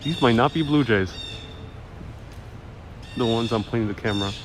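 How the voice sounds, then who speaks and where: A man's voice: medium pitch, normal speed. A man hosting a live walking tour outdoors, chatting casually to viewers and reading their comments aloud. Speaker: city walk livestream host. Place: outdoors on city streets. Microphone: wireless mic while walking. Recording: outdoor street noise.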